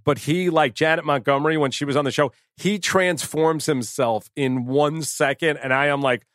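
A middle-aged man hosting a casual podcast chat, talking excitedly, repeating and restarting his words and laughing often. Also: on the high side, normal speed, dry recording, clean studio sound. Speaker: podcast host.

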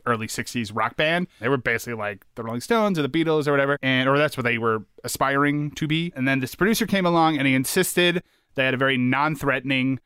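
A man hosts a podcast in casual, animated chat, sometimes breaking into silly put-on voices. His voice is smooth and clear at a middle pitch, recorded close and dry with no room around it. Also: fast talker, dry recording. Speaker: podcast host.

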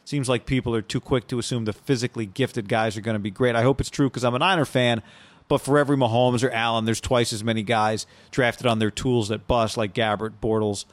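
A man's voice: mid-range voice, a little fast, dry recording. A man co-hosting a casual sports podcast, reading viewer comments aloud and talking them over. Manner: reads viewer comments aloud in a flat run. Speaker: podcast co-host.

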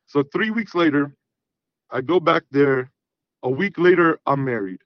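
A man's voice: mid-range voice, moderate pace, pauses often, no echo. Man, casual storytelling, profane, quotes himself, dry, muffled sound. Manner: profane, animated, acts out quoted dialogue. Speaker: podcast guest.

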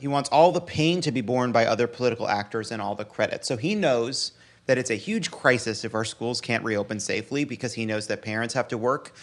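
A man's voice: medium pitch, lively intonation, a little fast. A man hosting a political talk show, arguing passionately in long runs of points. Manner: impassioned, listing arguments in long runs. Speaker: podcast host. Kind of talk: casual political commentary.

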